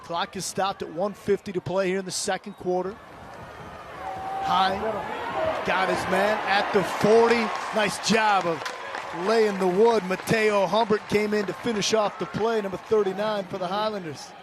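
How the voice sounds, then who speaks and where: A man calling a high school football game play by play, rising to excited calls on big plays. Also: normal speed, heavy background noise. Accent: Michigan. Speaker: play-by-play announcer. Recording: broadcast booth over loud stadium crowd.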